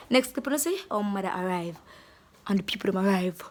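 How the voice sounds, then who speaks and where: A woman's voice: mid-range voice, a little fast. A young woman with a Jamaican accent, chatting playfully to camera in a casual vlog and slipping into patois. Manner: playful, animated, slips into patois. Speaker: vlogger.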